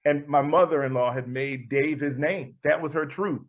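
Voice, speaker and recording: A man, a guest jazz musician, telling anecdotes in a relaxed interview. He acts out the voices of the people he quotes and laughs often. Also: fairly high pitch, normal speed, muffled recording.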